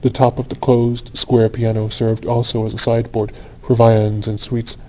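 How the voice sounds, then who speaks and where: Mellow man reading a classic story calmly. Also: medium pitch, normal speed, rough recording. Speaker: audiobook narrator. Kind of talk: scripted narration of a classic story for sleep.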